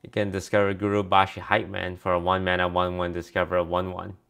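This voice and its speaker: A man with a low, gravelly voice talks through a card review in a loose, casual stream. He reads card text aloud and tosses offhand replies to viewers between cards. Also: monotone, brisk, fairly bright tone.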